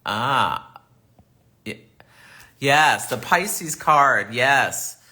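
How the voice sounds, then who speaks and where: Slow, bright-voiced chatty astrologer man. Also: mid-range voice, animated. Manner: chatty and affirming, reads viewer comments aloud. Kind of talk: live-stream reading and chat.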